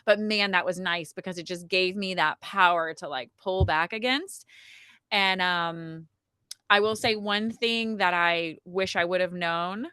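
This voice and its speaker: A woman telling a personal story in a casual podcast conversation, chatty and animated, with plenty of "like" and "um". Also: fairly low pitch, a little slow, clear, resonant tone, no echo, clean studio sound. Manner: chatty, frequent "like" and "um" fillers, animated retelling. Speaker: podcast guest telling her birth story.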